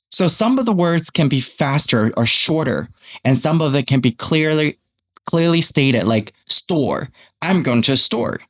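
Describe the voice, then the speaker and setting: Man teaching English. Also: a little high. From Taiwan. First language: Mandarin. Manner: explains step by step, models example phrases aloud. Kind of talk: podcast lesson on speaking skills.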